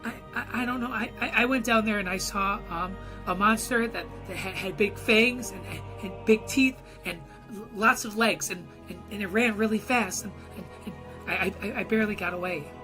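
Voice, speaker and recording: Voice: medium pitch, moderate pace, hardly any pauses, music in the background, voice pushed up, natural voice. A game master doing a stammering scared little orphan boy. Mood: frightened. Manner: stammering, frightened.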